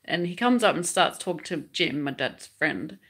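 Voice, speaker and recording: A woman's voice: lowish voice, lively intonation, normal speed, fairly bright tone, husky. A woman from England chatting casually on her crochet livestream, telling stories and reading out viewer comments. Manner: chatty, storytelling with mimicked quotes.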